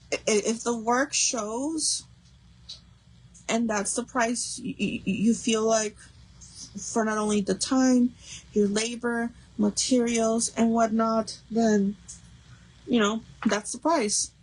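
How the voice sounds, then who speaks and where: A woman's voice: on the high side, fairly even intonation, slow, darkish tone, breathy edge, low-quality recording. A young adult woman hosting a craft livestream, chatting casually and rambling with lots of fillers while she works.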